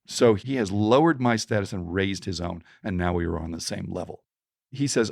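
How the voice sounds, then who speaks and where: A middle-aged man coaching on storytelling in a podcast interview, animated and acting out the voices in his anecdotes. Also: sits low, normal speed, vocal fry, no room sound, clean studio sound.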